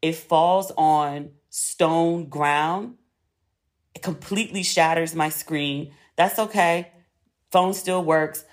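A woman hosting a podcast, telling a story in a chatty, expressive way and swearing freely. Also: deep voice, slow. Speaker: podcast host. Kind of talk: casual storytelling monologue.

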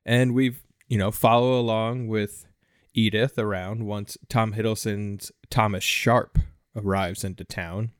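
A man's voice: on the low side, steady tone, a little slow, hardly any pauses, clean tone, no room sound, clean studio sound. A man hosting a casual film podcast, recapping the plot with light jokes. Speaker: podcast host.

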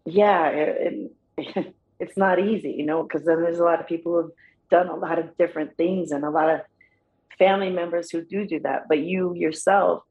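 A woman's voice: lowish voice, steady tone, moderate pace, darkish tone, highs cut off. A woman, a guest on a podcast, chatting casually in a loose, slangy way, often saying "bro" and "you know what I'm saying.". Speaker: podcast guest, pro wrestler. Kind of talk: casual interview chat.

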